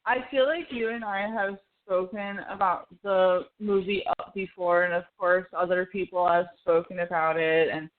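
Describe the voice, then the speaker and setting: A woman co-host joins the chat with a teasing, laughing manner. Her voice sits somewhat low. The audio is narrow and tinny, like a phone call. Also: fairly even intonation, moderate pace, hardly any pauses. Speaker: podcast co-host. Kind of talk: casual chat.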